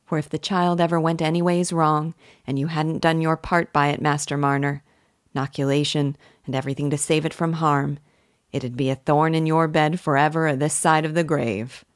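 A woman's voice: low-pitched, little pitch movement, normal speed, dry recording, clean studio sound, natural voice. Homely rustic village wife, read by a woman. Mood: earnest. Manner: rustic country dialect, homely and earnest. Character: kindly village wife, older woman, pious and chatty.

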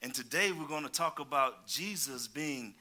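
A man preaching a sermon, telling an animated, playful story with laughter before turning to scripture. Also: medium pitch, moderate pace. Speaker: pastor.

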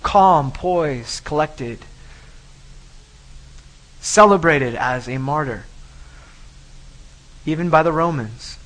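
Man, pastor, sermon, emphatic, repeats phrases, higher pitch. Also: slow, long pauses, a bit bright, rough recording.

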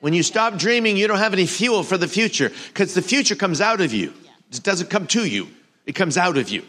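A man's voice: high voice, very animated, brisk, fairly bright tone. A man pastor preaching in an earnest way, repeating lines for emphasis. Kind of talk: sermon.

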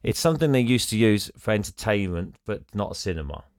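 A man's voice: lowish voice, animated, fairly quick, a little mellow, no room sound, studio quality. A man hosting a casual podcast, teasing his co-host and feeding him story clues with frequent laughs. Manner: laughs often, teasing, feeds clues bit by bit. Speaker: podcast host leading a guessing game. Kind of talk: casual chat.

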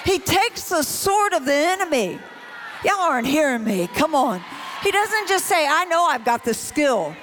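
A woman's voice: high-pitched, big pitch swings, measured pace, fairly bright tone, a little hiss or hum. A woman preaching a sermon, folksy and talking straight to the crowd, building into a rhythmic, chant-like exhortation. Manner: folksy, direct address to the crowd.

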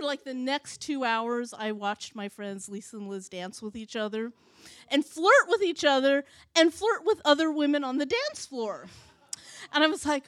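A woman in her forties tells a personal story in a high, bright-pitched voice. She is chatty and laughs often, restarting sentences and acting out quoted lines. The sound is dry and close. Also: dry recording.

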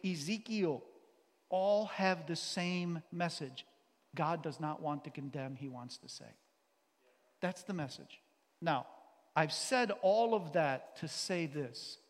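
A man with a high voice preaches a sermon in a hall. He speaks with passion, with sudden loud outbursts that give way to quiet, earnest passages. The hall's long reverb trails after his words. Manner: impassioned, shifts between loud outbursts and quiet earnest stretches. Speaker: teacher and pastor. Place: church or hall.

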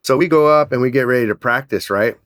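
A man telling a business story in an energetic, animated way, laughing often. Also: mid-range voice, fast, no echo, clean studio sound. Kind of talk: casual storytelling.

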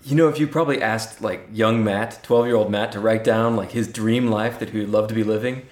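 A man's voice: lowish voice, a little fast. A man hosting a podcast, chatting casually and joking, with echo around his voice. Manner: relaxed, joking. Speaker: podcast host. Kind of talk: casual chat. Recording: roomy echo.

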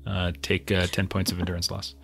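A man's voice: deep voice, monotone, brisk, creaky, fairly bright tone, breathy edge. A man narrating as game master of a tabletop game, describing scenes in a loose, meandering way with many fillers.

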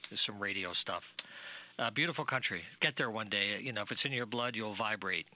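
A man's voice: fairly low pitch, brisk, poor audio. A man hosting a local radio show, chatting casually with a guest and rambling into personal stories. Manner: chatty, rambling, drops to a hush when telling a personal story. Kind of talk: casual radio interview chat. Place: radio studio.

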